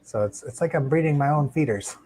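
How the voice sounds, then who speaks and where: A man's voice: a little high, a little fast, slightly rough, low-quality recording. Man chatting casually on a live stream. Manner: relaxed and chatty, with frequent fillers and restarts. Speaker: host of a live stream about keeping shrimp. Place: indoor home fish room with tanks. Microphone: lapel mic. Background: faint hum of aquarium tanks.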